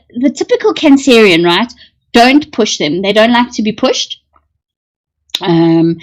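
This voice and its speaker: A woman hosting a casual livestream about astrology, chatting in a rambling way and answering viewer comments as she goes. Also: mid-range voice. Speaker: livestream host.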